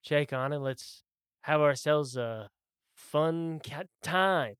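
A hulking male stone golem, as a game master puts him on at the table, rumbling out slow, low, menacing words. The voice sits close and dry, with almost no room around it. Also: fairly bright tone, clear, resonant tone, no room sound. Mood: gruff. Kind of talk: tabletop role-play voicing.

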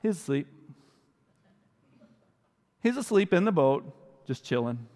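High-voiced preacher in an echoing hall. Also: male voice, slow. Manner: animated storytelling with rhetorical questions. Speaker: pastor. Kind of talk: sermon.

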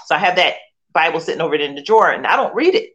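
A woman's voice: deep voice, big pitch swings, rapid-fire, fairly bright tone. A woman in her forties from Philadelphia shares her personal testimony as a guest. She tells it earnestly and emotionally, with many you-knows and restarts. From Philadelphia, USA. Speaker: author and guest.

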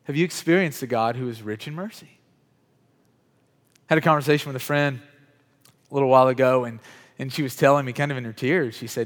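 A man preaches in an easy, conversational way, often speaking to people in the room by name, then climbs louder and higher on his main points. His voice sits at an ordinary middle pitch. It carries a long reverb from a church hall and drifts off the mic at times. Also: a little fast, pauses often. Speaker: pastor. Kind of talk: sermon.

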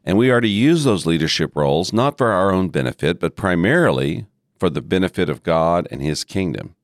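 Deep gravelly man, measured podcast teaching. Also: expressive, dry recording, studio quality. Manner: measured, emphatic, repeats key phrases slowly. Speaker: podcast host and seminary president. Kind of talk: scripted ministry teaching podcast.

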